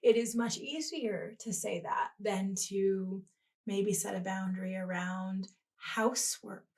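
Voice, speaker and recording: A woman's voice: mid-range voice, takes it slowly, a little mellow. A woman hosting a podcast who laughs easily and asks leading questions. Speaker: podcast host. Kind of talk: podcast conversation.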